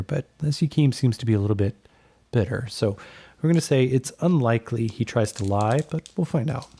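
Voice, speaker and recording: A man narrating a solo tabletop role-play game, thinking aloud in a relaxed, musing way. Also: medium pitch, gravelly.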